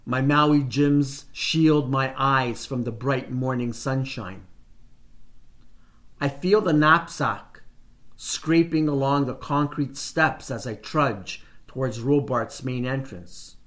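A man reads a first-person short story aloud at an unhurried, deliberate pace. His delivery stays measured, in a mid-range voice. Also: medium pitch, fairly bright tone. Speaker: reader.

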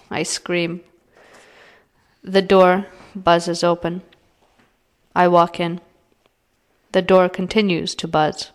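A woman reading her own short story aloud in a measured, even way. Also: on the low side.

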